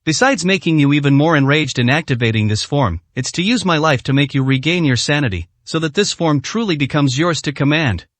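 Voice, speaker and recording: A man voicing a dying young woman, speaking her soft, faltering farewell lines in a story reading. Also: a little high, animated, brisk, few pauses, no echo. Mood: tender farewell.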